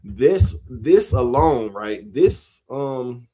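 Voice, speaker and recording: Slow-talking man preaching casually. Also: mid-range voice, expressive, mellow. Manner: slow, conversational, laughs between points. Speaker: street preacher. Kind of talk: casual sermon-style monologue.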